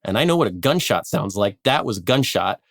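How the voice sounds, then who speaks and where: A man casually telling a history story on a podcast, animated, acting out quotes and laughing often. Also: fairly low pitch, brisk.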